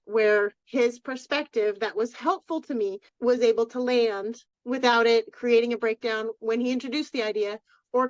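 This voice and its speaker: A woman co-hosting a podcast, sharing a heartfelt personal story in an open, unguarded way with frequent restarts. Her voice sits on the higher side. The sound is dry and a little dull. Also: no echo. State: tearful. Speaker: podcast co-host. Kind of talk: casual chat.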